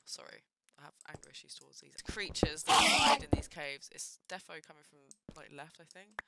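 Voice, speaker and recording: A woman's voice: deep voice, fairly quick. A young woman giving nervous, jumpy commentary while playing a video game at home, talking to herself and swearing. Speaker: gaming streamer. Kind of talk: casual gameplay commentary. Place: home room at a computer. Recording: loud background noise.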